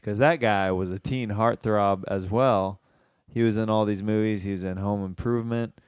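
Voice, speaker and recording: Midwest guy cohosting a podcast, kinda low voice, joking around, dry close sound. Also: fairly even intonation, moderate pace, clean tone, no room sound. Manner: joking, laid-back, often restarts phrases. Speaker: podcast co-host. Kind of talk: casual chat.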